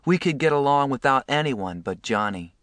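A man voicing a teenage gang member who speaks in a quiet, serious way. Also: mid-range voice, animated, moderate pace, no room sound, studio quality, lightly acted. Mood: grave.

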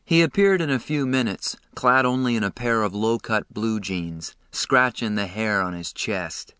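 A man narrating a novel in the first person, steady and storytelling. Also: lowish voice, clear, resonant tone, no echo, studio quality. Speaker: audiobook narrator.

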